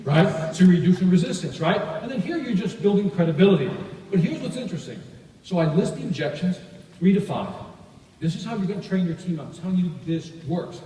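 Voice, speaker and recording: A man giving a live sales training talk to an audience, energetic and often asking them questions. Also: high-pitched, brisk, a little hiss or hum. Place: large hall. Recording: echoey hall recording from far off.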